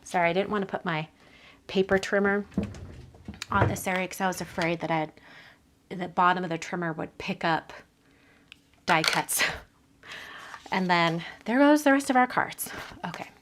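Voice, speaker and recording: A woman leads a live card-making session from her home craft room, chatting loosely and dropping to soft murmurs as she works. Her voice leans low, her pace is moderate with frequent pauses, and there's noise in the background.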